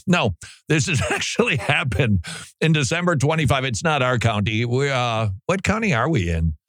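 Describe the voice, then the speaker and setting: A man's voice: medium pitch, big pitch swings, normal speed, a bit bright, no room sound. A man hosting a radio show from a studio, talking casually, joking and laughing often. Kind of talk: casual talk-radio monologue. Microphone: studio mic.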